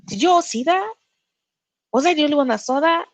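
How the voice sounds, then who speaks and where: A woman's voice: sits high, lively intonation, fairly quick, no echo, rough recording. A young woman from Nigeria hosting a casual book livestream, reading the chat aloud and gushing back at her viewers. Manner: effusive, reads out chat and gushes, frequent laughs. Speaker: booktube livestream host.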